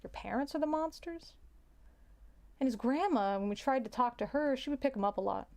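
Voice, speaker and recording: A young adult woman, a teacher, telling a story in a casual, halting way, often repeating words and sighing. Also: sits high, lively intonation, dark tone.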